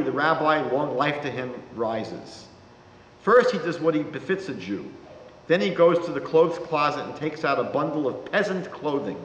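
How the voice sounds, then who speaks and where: A man, a rabbi giving a lecture, telling a story in a measured, dramatic way. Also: on the high side, fairly bright tone. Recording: reverberant lecture hall.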